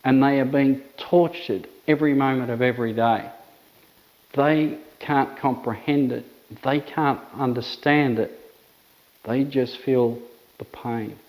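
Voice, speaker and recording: A man's voice: medium pitch, fairly even intonation, unhurried, a little mellow, low-quality recording. A man, an emphatic dog trainer explaining methods with repetitive phrasing. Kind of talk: instructional talk to camera.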